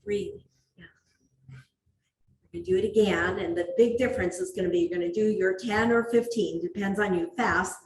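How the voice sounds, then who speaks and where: A woman yoga instructor guiding a class with calm, unhurried cues and occasional laughing asides about herself. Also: medium pitch. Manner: calm cueing with light self-laughing asides. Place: athletic club studio. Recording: roomy echo from far off, faint ambient noise.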